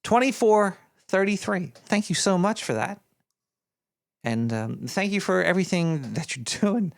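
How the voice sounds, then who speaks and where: A man's voice: sits high, very animated, a little slow, gravelly, full character voice. A man voicing a paranoid male cartoon rat who hosts a radio show, rambling in a scatterbrained way with jokey asides as he reads out donations. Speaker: host reading donations. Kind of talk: rambling live-stream chat.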